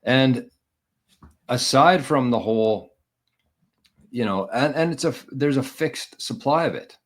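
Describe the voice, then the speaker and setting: A man's voice: medium pitch, a little slow. A man hosting a casual solo show, talking in a chatty, opinionated way and often correcting himself mid-sentence. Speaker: podcast host.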